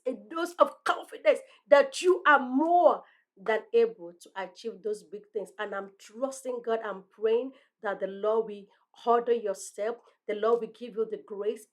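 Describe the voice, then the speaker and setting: High-voiced woman giving earnest encouragement. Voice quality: self-described strong, thick accent. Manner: earnest, encouraging, ends in prayer. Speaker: motivational podcast host. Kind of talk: motivational talk. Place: room lined with bookshelves.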